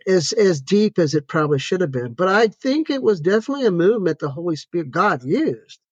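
A man co-hosting a faith-based podcast, chatting and reading trivia facts aloud in a measured, matter-of-fact way. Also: high-pitched, big pitch swings, slightly rough, dry recording. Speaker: podcast co-host and counselor. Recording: dull lo-fi sound.

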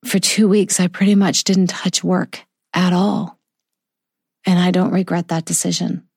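A middle-aged woman with a lowish voice talks in a gentle, unhurried way, pausing tenderly as she reflects. Her delivery is heartfelt and personal, like a quiet confessional vlog. The sound is dry and close, with no room around it. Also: level tone, gravelly, breathy edge, dry recording. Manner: soft, slow and heartfelt, with tender pauses. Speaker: vlogger sharing a personal story.

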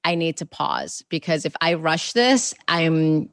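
Low, gravelly woman talking reflectively. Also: animated, a little slow, no room sound, studio quality. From New York. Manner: warm, reflective, many fillers and restarts. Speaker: guest author and educator. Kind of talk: casual interview conversation.

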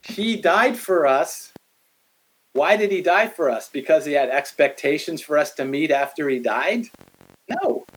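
A middle-aged man in a casual faith conversation, animated, acting out quotes as he tells stories. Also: fairly high pitch, unhurried, poor audio.

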